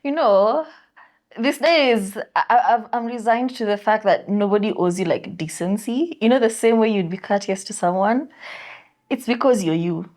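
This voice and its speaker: A woman's voice: medium pitch, moderate pace, a little mellow. A young adult woman, co-hosting a casual chat, telling stories expressively and mixing Swahili slang into English. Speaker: podcast co-host.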